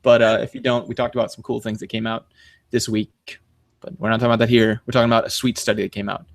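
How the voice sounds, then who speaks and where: A man's voice: mid-range voice, level tone, fast talker, dry recording, clean studio sound. A man hosting a podcast, chatting casually in a rambling, self-interrupting way and swearing now and then. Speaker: podcast host.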